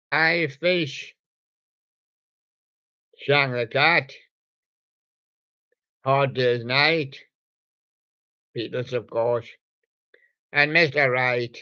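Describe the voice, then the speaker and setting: A man hosting a live radio show in a meandering, mumbling way, chatting to toy guests on a dull, lo-fi recording. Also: medium pitch. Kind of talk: rambling live radio chat.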